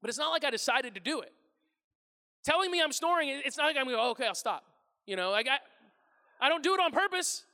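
A man in his thirties, a pastor telling funny stories about his family in a sermon, animated and self-deprecating, acting out his household's voices. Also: very high-pitched, fast, long pauses, big-room sound. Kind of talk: humorous sermon storytelling. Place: large church hall before a congregation.

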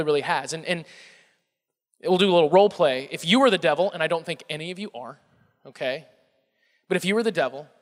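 A man's voice: a little high, a bit bright, in a large hall. A male pastor with a Southern American accent preaching a conversational sermon, often repeating words and putting questions to the congregation.

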